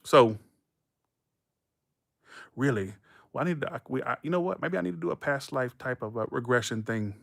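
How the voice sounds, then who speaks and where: A man in his thirties hosts a casual livestream. He rambles through his stories at a middle pitch and leaps into animated quoted voices. The mic is close and dry, with no room sound. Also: normal speed, vocal fry, pauses often, no echo. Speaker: livestream host. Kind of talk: casual chat to viewers.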